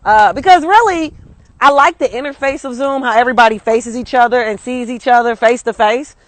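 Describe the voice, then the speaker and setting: A woman's voice: fairly high pitch, a little fast, dry recording. A woman telling a candid, slangy story in a casual vlog while walking up a hill, recorded on a phone outdoors. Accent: Caribbean American English. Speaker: vlogger. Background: street and vehicle noise.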